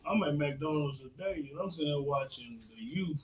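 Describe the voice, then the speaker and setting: A man's voice: fairly high pitch, normal speed. A man co-hosting a casual podcast, telling stories in an easygoing way with plenty of fillers. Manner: storytelling, easygoing, lots of fillers. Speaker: podcast co-host. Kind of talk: casual opinion chat. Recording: echoey room, mic at a distance, dull sound.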